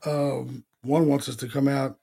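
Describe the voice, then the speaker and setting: A man co-hosting a podcast, telling stories in casual chat, animated, with slang and swearing. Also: medium pitch, a little slow, vocal fry, husky. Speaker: podcast co-host.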